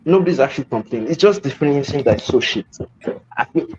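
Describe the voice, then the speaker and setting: A man's voice: mid-range voice, animated, fast, darkish tone, highs cut off, a little hiss or hum. A man on a football podcast, weary and slangy, calling everyone bro. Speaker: podcast panelist. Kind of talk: casual chat.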